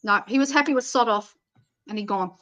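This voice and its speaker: A woman's voice: on the high side, fairly quick, fairly bright tone, low-quality recording. A woman giving psychic readings on a live stream in a blunt, casual way, swearing freely. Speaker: psychic reader.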